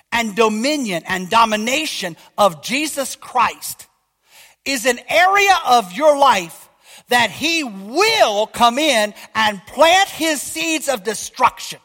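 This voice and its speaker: A high, bright-voiced male pastor preaches with fiery emphasis, pressing his congregation with question after question. His forceful voice rings through the long reverb of a church hall. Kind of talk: sermon.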